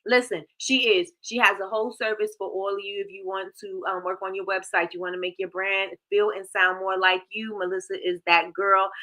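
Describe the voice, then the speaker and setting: A woman hosting a casual live stream, warmly greeting viewers by name with lively, sing-song shout-outs. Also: mid-range voice, poor audio. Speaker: livestream host.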